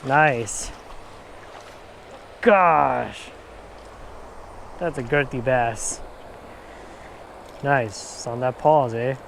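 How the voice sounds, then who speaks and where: A young man filming himself fishing outdoors at a spillway, talking casually and bursting into excited exclamations, recorded on an action camera. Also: medium pitch, drawn-out words, creaky, long pauses, slight background noise. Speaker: fishing vlogger. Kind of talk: casual on-the-spot commentary.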